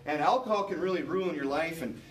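A man's voice: a little high, a little fast. A male preacher delivering a sermon in an earnest, repetitive way that builds to emphatic points, with a congregation answering him. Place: church sanctuary. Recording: echoey room, mic at a distance. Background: congregation responding amen.

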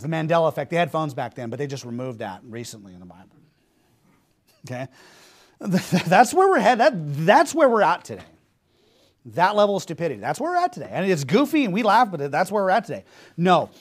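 Male preacher mid-sermon, emphatic and scornful, voice a bit high. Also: big pitch swings, moderate pace. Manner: emphatic, mocking, repeats rhetorical questions.

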